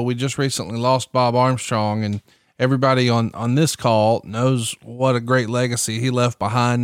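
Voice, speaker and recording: A man hosting an interview, asking his guest a question in a brisk, rehearsed way. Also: mid-range voice, smooth, dry recording, studio quality. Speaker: interview host.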